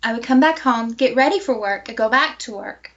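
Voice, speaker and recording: A woman being interviewed, telling a personal story and acting out quoted dialogue with lively energy. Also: on the high side, a little fast, dull audio, slight background noise. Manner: animated, acts out quoted dialogue.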